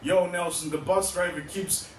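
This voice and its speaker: A man's voice: sits high, steady tone, normal speed, echoey room, natural voice. Man playing egging-on young mates, distant mic, noisy room. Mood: insistent. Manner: insistent, slangy. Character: group of young male friends, egging him on.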